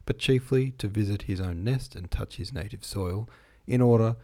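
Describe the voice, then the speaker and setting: A man giving a relaxed, informal reading of a classic novel, stumbling on long words and rereading them. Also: fairly low pitch, normal speed. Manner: chatty asides between passages. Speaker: reader.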